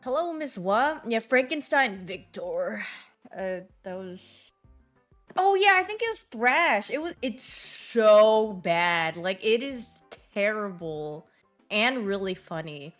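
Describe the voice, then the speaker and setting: A young woman livestreamer chatting casually, rambling and giggly with sudden excited squeals. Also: medium pitch, slow, faint music behind. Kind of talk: casual stream chat.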